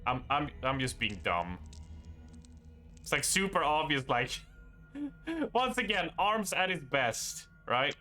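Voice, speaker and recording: A man streaming a horror game live, excitable and joking, reading notes aloud and laughing often. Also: fairly high pitch, slow pace, faint music behind. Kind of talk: live gameplay commentary.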